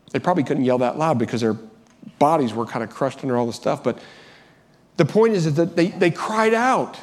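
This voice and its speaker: Man, pastor, sermon, earnest, restarts phrases, slightly high pitch. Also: lively intonation, fairly quick. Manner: earnest, repeats and restarts phrases, voice rises when urging.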